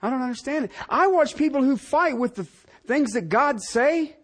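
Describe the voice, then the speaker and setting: A man preaching a sermon, asking the congregation direct questions and swinging from loud emphatic lines to quiet ones. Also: very high voice, lively intonation, moderate pace. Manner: talks straight to the congregation with rhetorical questions. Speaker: pastor.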